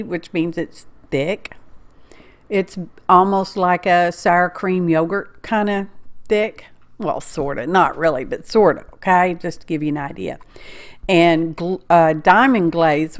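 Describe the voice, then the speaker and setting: Slow-talking chatty woman. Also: fairly low pitch. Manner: chatty, folksy, talks straight to viewers with "y'all". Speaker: craft channel host. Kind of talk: casual crafting tutorial.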